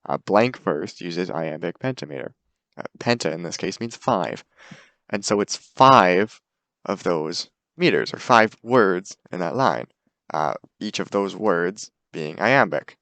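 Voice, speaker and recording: A man's voice: low voice, lively intonation, a little slow, fairly bright tone, no room sound. A young man giving a casual, hesitant class presentation full of fillers. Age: young adult. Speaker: student presenter.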